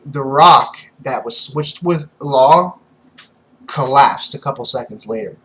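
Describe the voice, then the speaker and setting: A young man giving casual, excitable manga commentary, swearing freely and laughing often. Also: mid-range voice, slow, a little hiss or hum, low-quality recording. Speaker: manga reviewer.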